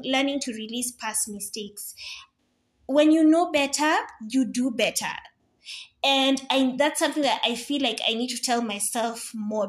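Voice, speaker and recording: A young woman hosts a solo podcast, chatting casually in a high, animated voice. She slips in Swahili words and acts out little voices.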